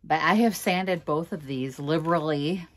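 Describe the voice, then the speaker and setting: A woman vlogging casually to camera about a furniture project, halting and sighing, on the verge of tears. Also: low voice. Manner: halting, sighing, laughing through frustration. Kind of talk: casual vlog talking to camera.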